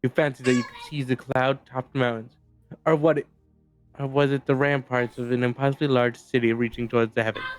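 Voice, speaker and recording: A man streaming a story game, reading its narration aloud in a steady storytelling way. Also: medium pitch, brisk, faint music behind.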